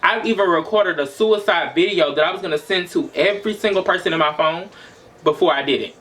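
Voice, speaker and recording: A man's voice: high-pitched, a little fast, fairly bright tone. A man in his twenties venting in a raw, emotional, profane personal monologue for his vlog. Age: 20s. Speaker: vlogger.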